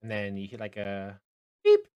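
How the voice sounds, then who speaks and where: A young man narrating as dungeon master of a tabletop game, halting and full of fillers. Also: lowish voice, fairly bright tone. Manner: hesitant, many fillers and restarts.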